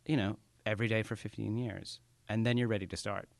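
A man being interviewed about his writing, talking casually, self-deprecating and halting with many restarts. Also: lowish voice, fairly even intonation, creaky, no echo. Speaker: author guest.

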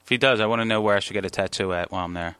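Male co-host, bright forceful tone, blunt cursing, dry sound. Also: lowish voice, racing, smooth, no room sound. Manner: blunt, profane. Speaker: podcast co-host. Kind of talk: casual crude banter.

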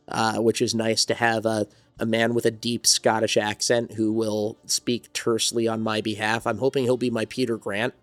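A man's voice: lowish voice, flat delivery, normal speed, no room sound. A man from New Jersey, a songwriter and studio owner, telling his story in a rambling, reflective way as an interview guest. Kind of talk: casual interview conversation.

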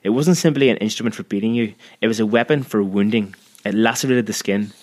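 A man with a fairly low voice reads a story aloud as scripted audiobook narration. His delivery is measured and vivid, drawing the listener through each scene. He keeps a steady storyteller's pace.

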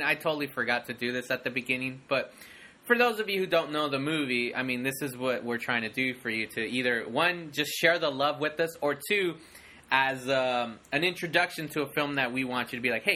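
A young man co-hosting a casual movie chat, rambling and excitable with many restarts. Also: medium pitch, a little fast. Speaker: podcast co-host.

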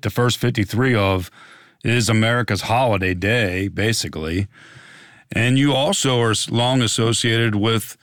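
A man's voice: lowish voice, dry recording, clean studio sound. A man hosting an interview show, setting up questions and giving brief affirmations.

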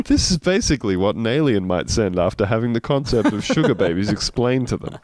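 Man, podcast host, low voice, wry laughing asides, dry close recording. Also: animated, fast, hardly any pauses, darkish tone, no echo. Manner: wry, laughing asides while reading articles aloud. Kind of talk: comedic news podcast.

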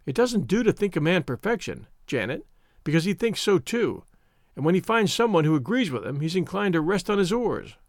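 A man's voice: high-pitched, very animated, fairly quick, no room sound, clean studio sound. A man reading Avery, a proud, teasing young woman. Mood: frank. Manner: frank, teasing, worldly. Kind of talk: audiobook reading.

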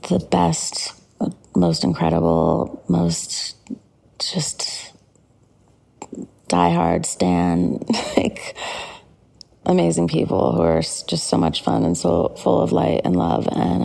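A woman talks in a low, heavily creaky vocal fry with a dark, husky tone. She gushes casually through a late-night recap, tired and ready for bed, with plenty of fillers. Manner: chatty and gushing, with many fillers. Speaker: podcast host.

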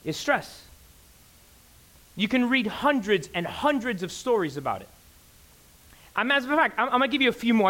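A man in his thirties preaching a sermon in church, emphatic and excitable, repeating phrases for effect. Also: extremely high pitch, a little fast, long pauses. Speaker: pastor. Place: church sanctuary.

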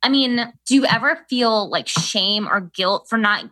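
Young woman cohost, bright voice, kinda anxious, rushes her asides. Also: fairly high pitch. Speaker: podcast co-host. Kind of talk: casual chat.

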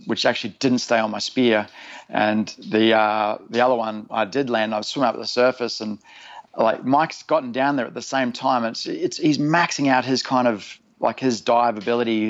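Man spinning an animated story. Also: medium pitch, muffled recording. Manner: rambling, animated storyteller, laughs through his own story. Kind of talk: casual storytelling chat.

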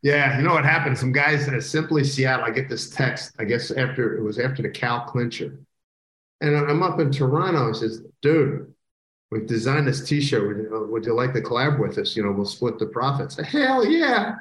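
A middle-aged man who calls baseball games for a living, chatting in a podcast interview. He is from the Philadelphia area and tells his stories with animated bursts of loud catchphrases, his voice sitting mid-range with a roomy echo around it. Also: mid-range voice, moderate pace. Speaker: baseball play-by-play broadcaster, guest. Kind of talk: casual podcast interview storytelling.

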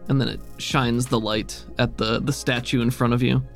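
A man narrating a tabletop game as game master in a relaxed, descriptive way with many fillers. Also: mid-range voice, moderate pace, vocal fry, soft background music.

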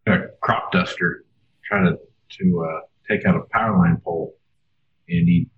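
A man's voice: low-pitched, very animated, normal speed, gravelly, husky. A man on a podcast panel telling a story in a laid-back, matter-of-fact way over dull lo-fi remote audio. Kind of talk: casual podcast chat.

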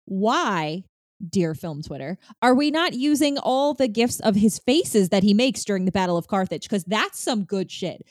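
A woman's voice: mid-range voice, animated, normal speed, no echo, clean studio sound. A woman in casual film discussion, talking candidly and animatedly with frequent fillers and some swearing.

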